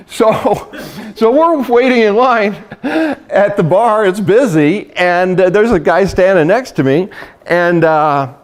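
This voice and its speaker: A middle-aged man giving a lively sales training talk, acting out conversations and laughing often. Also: high voice. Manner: animated storyteller, acts out dialogue, laughs often.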